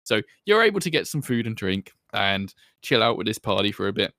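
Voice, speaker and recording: A man narrating as game master of a tabletop game in a relaxed, chatty way, often laughing. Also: fairly low pitch, brisk, dry recording, studio quality.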